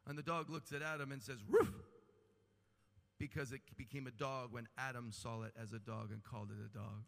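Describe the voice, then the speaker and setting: A man preaching a sermon with animated delivery and humorous asides. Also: medium pitch, quick pace, gravelly. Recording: long hall reverb.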